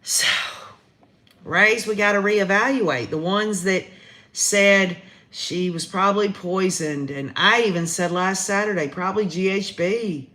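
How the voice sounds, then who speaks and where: A woman's voice: mid-range voice, a little slow, fairly bright tone. A woman with a Southern American accent hosting a casual livestream, chatting straight to her viewers. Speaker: livestream host. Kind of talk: casual live commentary.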